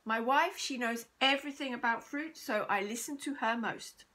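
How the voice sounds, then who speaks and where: A woman voicing a generous, lively elderly male shopkeeper who speaks in broken English. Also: on the high side, moderate pace. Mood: kindly. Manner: broken English, warm exclamations.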